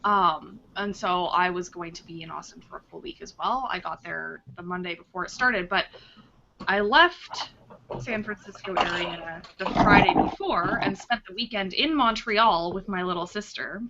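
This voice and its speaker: A woman author hosting a casual video chat, telling a rambling, animated story with many restarts. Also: on the low side, normal speed, slight background noise. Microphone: video call. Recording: dull lo-fi video call audio.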